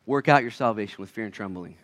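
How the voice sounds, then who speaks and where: A man preaching a sermon as a pastor, acting out little voices, swinging between loud shouts and quiet asides. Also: lowish voice, fast.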